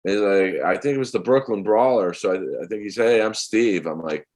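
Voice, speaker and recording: A comedian in his forties, a man telling rambling, animated stories as a podcast guest. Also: lowish voice, brisk. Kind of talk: casual podcast chat.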